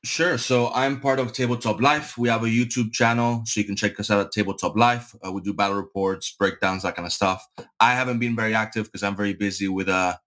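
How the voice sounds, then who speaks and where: A man from the United States, a guest on a podcast, chatting in a relaxed, easygoing way. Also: fairly low pitch, fairly quick. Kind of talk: casual podcast chat.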